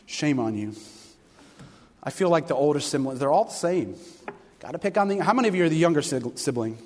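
A man preaching a sermon to a congregation, telling stories with animated, fervent delivery. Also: fairly high pitch, a little fast. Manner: animated storytelling, rising to loud fervent passages. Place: church sanctuary. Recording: long hall reverb.

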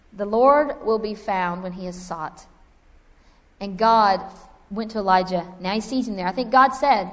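A woman teaching a Bible lesson in a lively, conversational preaching style, with asides to her listeners. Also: mid-range voice, long reverb tail. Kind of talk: sermon.

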